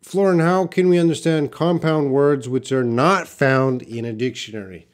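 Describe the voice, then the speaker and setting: A man's voice: medium pitch, moderate pace. A man teaching English in a live question-and-answer stream, reading out viewer questions and explaining with patient restarts and fillers. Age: young adult.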